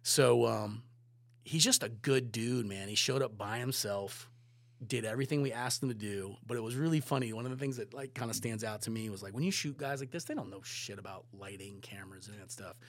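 A man's voice: fairly low pitch, brisk, no room sound. Sex: man. Role: photographer guest on a podcast. Style: rambling casual storytelling that acts out quoted dialogue. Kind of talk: casual anecdote telling.

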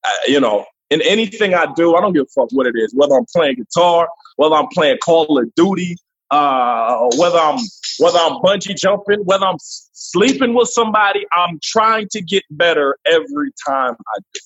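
A man, a comedian guest, chatting casually and profanely in an animated interview. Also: a little high, normal speed, husky. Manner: animated, profane, jumps into voices. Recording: dull lo-fi remote line.

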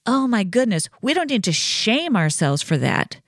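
A woman's voice: medium pitch, very animated, normal speed, no echo, studio quality. A woman hosting a solo podcast, explaining in a conversational, reassuring way with frequent "right?" asides. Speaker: podcast host.

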